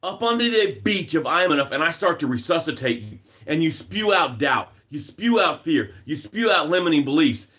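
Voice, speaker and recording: A man's voice: a little high, big pitch swings, moderate pace, few pauses, fairly bright tone. Emphatic motivational coach, man. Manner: emphatic and repetitive, reads viewer comments aloud. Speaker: success coach hosting a live broadcast. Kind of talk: motivational livestream talk. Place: home.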